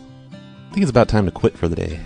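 Low-key rambling male host. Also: sing-song, fairly quick, vocal fry, music in the background. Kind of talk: casual chat.

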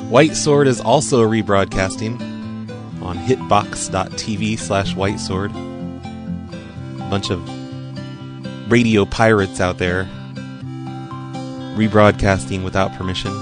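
American male host, low relaxed voice, casual offhand talk over guitar music. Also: measured pace. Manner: laid-back, rambling, offhand. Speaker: host of a phone prank show. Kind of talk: casual radio show talk.

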